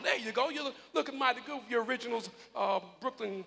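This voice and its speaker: A male pastor preaching a live sermon, calling on congregation members by name and breaking into loud shouts. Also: very high voice, fast, vocal fry. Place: large church hall. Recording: live in a reverberant hall with congregation.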